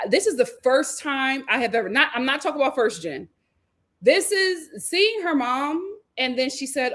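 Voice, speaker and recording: A young adult woman hosting a live reality TV recap, animated and chatty, with slangy asides. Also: sits high, normal speed. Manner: animated, chatty, slangy, puts on voices when quoting. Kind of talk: casual live stream chat.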